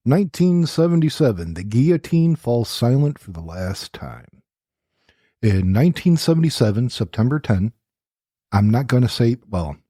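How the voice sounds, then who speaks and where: A man's voice: medium pitch, warm tone, dry recording. A man co-hosting a casual podcast in a studio, joking around and reading out trivia with playful voices. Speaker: podcast co-host. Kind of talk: casual banter. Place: recording studio.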